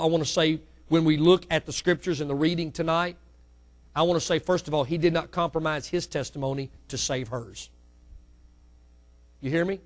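A middle-aged male pastor preaching a sermon, with sudden loud climbs and hushed drops. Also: a little high.

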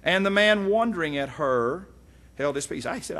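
Folksy preacher, man, higher voice. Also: measured pace. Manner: folksy, animated, with frequent asides and restarts. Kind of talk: Bible teaching.

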